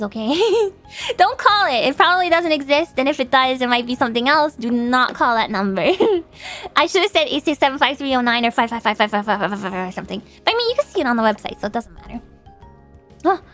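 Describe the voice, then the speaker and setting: A woman's voice: sits high, big pitch swings, fast, a bit bright, faint music behind. A woman streamer chatting casually with her viewers, laughing often and greeting chat, her nose stuffed up.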